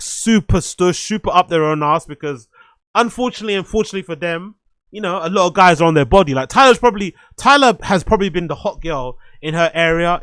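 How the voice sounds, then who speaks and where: A man hosting a live stream, giving casual commentary that is animated, repetitive and full of swearing and laughter. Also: on the high side, dry recording. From London. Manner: animated, swears freely, laughs often, repeats phrases. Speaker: streamer host.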